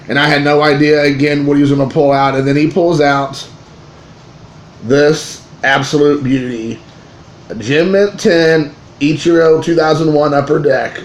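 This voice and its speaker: A man, a father in his thirties, telling a card-collecting story in a rambling, excitable way with many restarts. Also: on the high side, a little slow. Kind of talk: casual storytelling to camera. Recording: echoey room with faint ambient noise.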